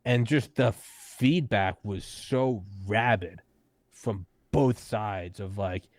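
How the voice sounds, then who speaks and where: A man's voice: lowish voice, slow, no room sound. A man in his thirties, a podcast host, telling a story in casual conversation, swearing freely and acting out the people he quotes. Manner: animated, profane, acts out quoted people; frequent "like" fillers and restarts.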